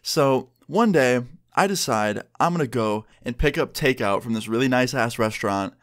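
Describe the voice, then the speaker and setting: A man's voice: medium pitch, expressive, moderate pace. A young man in his twenties, chatty and candid, casually swearing as he tells a storytime vlog. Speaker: vlogger.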